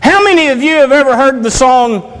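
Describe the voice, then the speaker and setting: High-voiced man preaching in an echoing hall. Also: expressive, brisk, a bit bright. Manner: earnest, repetitive, rhetorical questions. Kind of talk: sermon. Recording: long reverb of a large hall.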